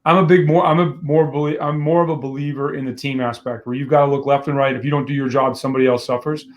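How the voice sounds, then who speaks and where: A man's voice: mid-range voice, fairly even intonation, fast talker, highs cut off. A man co-hosting a podcast, earnest and encouraging in casual chat. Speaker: podcast co-host.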